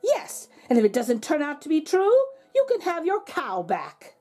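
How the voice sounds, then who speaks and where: A woman's voice: high-pitched, wildly swooping pitch, normal speed, darkish tone, faint music behind. A sly old man from a fairy-tale book coaxes and wheedles, his voice slipping up and down as he makes his offer, as a woman reading aloud puts him on. He speaks in a persuasive, knowing way. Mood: coaxing. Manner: coaxing, persuasive. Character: sly funny-looking old man with beans.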